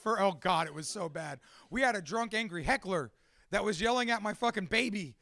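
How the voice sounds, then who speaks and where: A man with a high, rough voice speaks straight to a live audience, swearing freely and bluntly. His delivery is animated and candid. The sound is close and dry, with almost no room tone. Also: a little fast, no room sound. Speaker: speaker at a live storytelling event.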